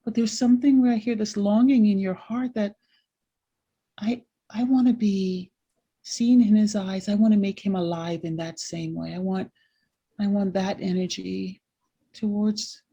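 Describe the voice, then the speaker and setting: A woman therapist in a session, reflecting back feelings in a slow, empathic way over a video call. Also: mid-range voice, steady tone, warm tone, breathy edge, dull audio.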